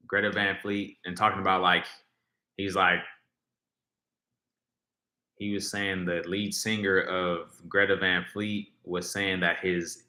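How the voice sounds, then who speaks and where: A man's voice: sits low, pushed and bright, reverberant. A man hosting a casual livestream, rambling and reading viewers' comments aloud as he talks. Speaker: livestream host.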